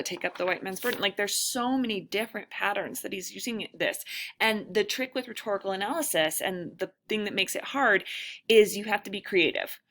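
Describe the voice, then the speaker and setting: A woman's voice: medium pitch, bright, forceful tone. A woman instructor giving a casual recorded lecture, thinking aloud with lots of fillers and self-deprecating asides. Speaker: writing instructor.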